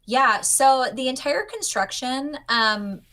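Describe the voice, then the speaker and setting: A woman's voice: high-pitched, expressive, slow pace, pushed and bright. A young adult woman demonstrating a sewing pattern over a video call, upbeat and chatty as she teaches step by step. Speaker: pattern designer guest.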